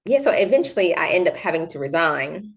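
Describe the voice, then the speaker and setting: A woman's voice: fairly low pitch, fairly quick, vocal fry. Chatty young woman telling her story. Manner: animated, acts out quoted voices, many fillers. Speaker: guest. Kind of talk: casual interview storytelling.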